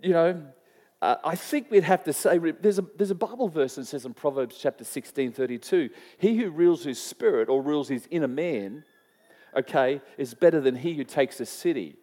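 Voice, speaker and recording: A man's voice: on the high side, expressive, moderate pace, mellow. A man preaching a sermon, telling a story in a conversational way with many restarts and questions to the congregation. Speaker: pastor. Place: church hall. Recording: long reverb of a church hall.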